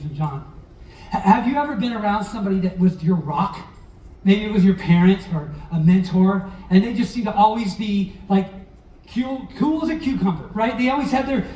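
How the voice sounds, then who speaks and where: A man's voice: sits high, warm tone, a little hiss or hum. A man preaching a sermon as pastor, talking in a conversational way and acting out quotes now and then. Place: church hall. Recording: roomy echo, heard from a distance.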